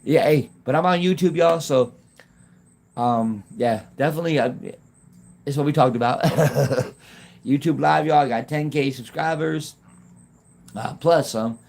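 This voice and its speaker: A man chatting casually on a livestream from his phone, rambling in halting, broken-off phrases and laughing often. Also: fairly high pitch, creaky, darkish tone. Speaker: YouTube livestreamer.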